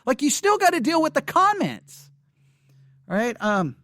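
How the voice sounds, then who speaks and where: A man with a notably high voice, recorded close and dry, works through viewer comments out loud. He talks in an animated, exasperated way, stumbling and restarting often. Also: measured pace, dry recording. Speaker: channel host answering viewer comments. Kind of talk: casual commentary reading comments aloud.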